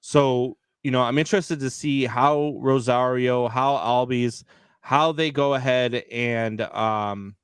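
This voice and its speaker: A man co-hosting a live sports talk show, telling stories in a lively, filler-heavy way. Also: mid-range voice, slow pace, smooth, dry recording, clean studio sound. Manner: animated storyteller, many fillers. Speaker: podcast co-host. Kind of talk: casual live sports chat.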